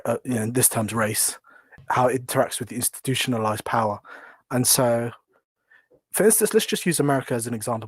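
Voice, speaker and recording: A man's voice: medium pitch, slightly rough, no room sound. A man from London with a London British accent, calling in to a show and talking politely but hesitantly, often restarting his sentences. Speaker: caller. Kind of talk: phone-in call.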